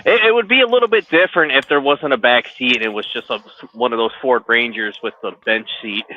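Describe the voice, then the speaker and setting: A man's voice: medium pitch, fast talker. Teasing man on muffled call audio. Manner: teasing, jokey. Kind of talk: casual chat.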